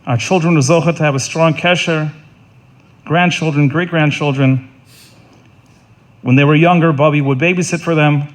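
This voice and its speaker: Earnest, halting man giving a eulogy. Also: fairly high pitch, steady tone. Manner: earnest, halting, repeats words and restarts. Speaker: eulogist at a funeral. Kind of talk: funeral eulogy. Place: funeral service.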